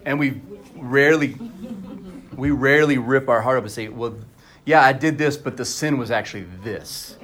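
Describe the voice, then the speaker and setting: A man's voice: medium pitch, normal speed, fairly bright tone. A man preaching a sermon as pastor at a church service, talking candidly and conversationally to the congregation.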